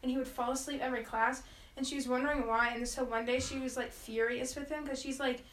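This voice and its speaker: High bright woman, roomy echo. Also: steady tone, fast talker. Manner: storytelling, giggly, lots of "like". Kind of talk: casual chat between friends.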